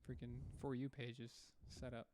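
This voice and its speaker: A man's voice: mid-range voice, flat delivery, normal speed, warm tone, slight background noise. A young man co-hosting a casual podcast chat, laid-back and joking, laughing often. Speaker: podcast co-host.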